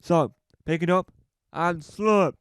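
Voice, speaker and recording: Lady doing a shouty bossy builder lady barking orders, smooth clear voice. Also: on the low side, takes it slowly, no room sound. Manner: barking drill-sergeant instructions. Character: bossy loud female builder training recruits. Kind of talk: comedy sketch character.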